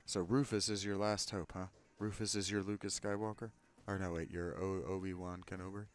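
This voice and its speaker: A man giving casual, joking commentary over a video game in quick, quiet asides. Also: sits low, flat delivery, faint music behind. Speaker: gameplay commentator.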